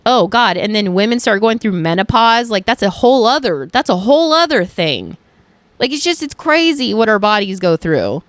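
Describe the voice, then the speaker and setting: A young woman hosting her own podcast, talking frankly in a casual solo chat, animated, swearing and full of fillers. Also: mid-range voice, normal speed, dry recording. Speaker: podcast host.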